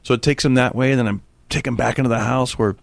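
A man who is a stand-up comedian, telling stories in a rapid, animated way in casual chat. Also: medium pitch, creaky, no echo. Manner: rapid, animated storytelling with voices.

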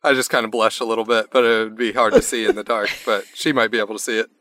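A man's voice: on the low side, little pitch movement, quick pace, bright, forceful tone, no echo. A man playing an agent in a tabletop game, talking hesitantly with lots of fillers and laughs. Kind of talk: in-character role-play.

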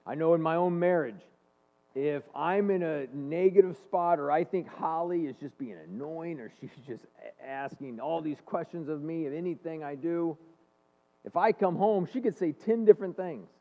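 A man in his forties giving an earnest, animated faith-based talk, telling personal stories to an audience in a large hall. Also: a little high, normal speed. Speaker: speaker and leadership coach. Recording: long hall reverb, phone-like band.

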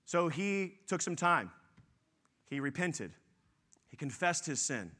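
A pastor preaches to his congregation. He tells stories and drives his points home with emphasis. His voice is bright and forceful and sits a little high for a man. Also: sing-song, slow pace. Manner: storytelling, emphatic, says y'all. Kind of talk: sermon.

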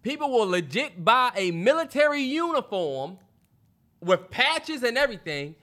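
A man's voice: very high-pitched, big pitch swings, a little slow, bright, forceful tone. A man co-hosting a podcast, chatting casually and teasing his co-host with short jabs. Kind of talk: casual chat.

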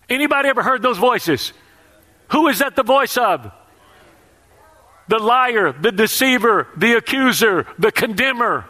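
A middle-aged man preaching a sermon, telling a personal story with animated delivery and questions to his audience. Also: high voice, unhurried.

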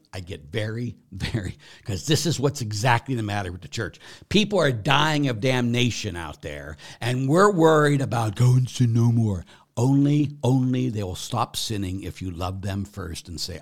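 A man, a priest, answering viewer questions, who moves from quiet conversational reading to loud, emphatic preaching with repeated phrases. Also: fairly low pitch. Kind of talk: live Q&A, reading and answering messages.

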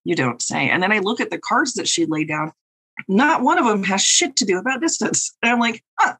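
Woman, podcast co-host, mid-pitch, casual and crude storyteller, dry humor. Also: animated, a little fast, a bit bright, husky, low-quality recording. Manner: profane, wry, laughing through her stories. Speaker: podcast co-host and tarot reader.

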